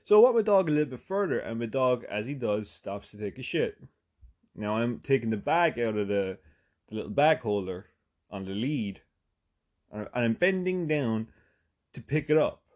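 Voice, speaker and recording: Very animated and at normal speed, a male podcast host from Ireland with an Irish accent relates a profane comic story, his medium-pitched voice darkish in tone. He chats along with plenty of "right?" asides and sudden surges of emphasis.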